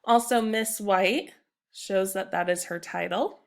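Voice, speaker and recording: A woman's voice: mid-range voice, takes it slowly, gravelly. A young woman teacher giving an upbeat, emphatic recorded grammar lesson to her class. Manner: upbeat, emphatic classroom delivery, reads examples aloud.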